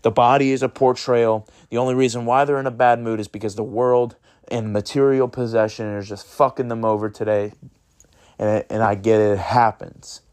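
A man's voice: mid-range voice, flat delivery, normal speed, a little mellow. A man hosting his own podcast, talking in an earnest, rambling way and swearing freely as he urges listeners toward kindness. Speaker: podcast host. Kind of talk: casual motivational monologue.

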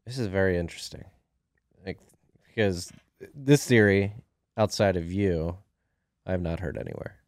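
A male podcast host with a very low voice that swings widely in pitch. He chats casually and keeps steering the talk with questions, heard dry and close. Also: animated, normal speed, vocal fry, long pauses, a little mellow, dry recording. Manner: conversational, prompting with questions. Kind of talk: casual interview chat.

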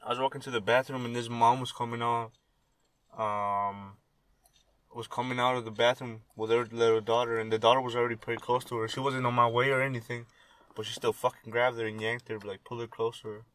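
Young dude talking fast and slangy with friends, swears a lot. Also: male voice, mid-range voice, flat delivery, fairly bright tone. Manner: loose and profane, slangy. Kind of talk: casual chat among friends.

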